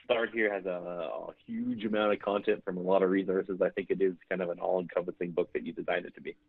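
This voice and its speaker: A man's voice: deep voice, flat delivery, fast, creaky, breathy edge, dry recording. A man calling in as a guest, explaining steadily and repeating words as he starts. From Canada. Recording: tinny phone line.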